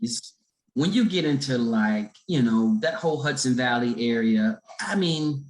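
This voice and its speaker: Middle-aged male podcast guest from Chicago, animated storyteller, mid-range pitch, recorded in a reverberant room. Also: unhurried. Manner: animated, acts out the people in his story. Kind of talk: casual storytelling. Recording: roomy echo.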